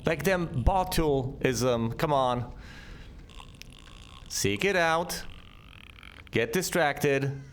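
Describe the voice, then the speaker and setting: A man's voice: medium pitch, lively intonation, very slow, pauses often, a little hiss or hum. A man giving sarcastic gameplay commentary and talking back to the enemies on screen. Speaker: let's play host.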